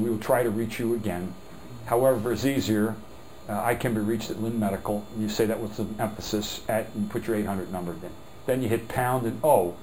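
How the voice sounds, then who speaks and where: On a rough recording with slight hiss or hum, a man leads a sales workshop as the trainer. His voice is medium in pitch, and his folksy lecture rambles loosely, peppered with "you know" and bursts of emphatic exasperation.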